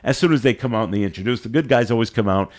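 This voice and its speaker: A male radio host telling a long, animated story in a casual on-air chat, often restarting his sentences. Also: medium pitch, very fast. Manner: rambling, animated anecdote with frequent restarts. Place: radio studio.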